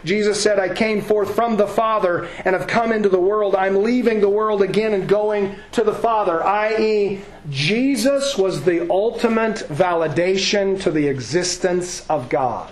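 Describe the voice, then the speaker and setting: Emphatic high-voiced male preacher, echoey room. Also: unhurried, hardly any pauses. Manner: emphatic, repeats words, acts out quoted voices. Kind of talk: sermon. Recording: echoey room with faint ambience.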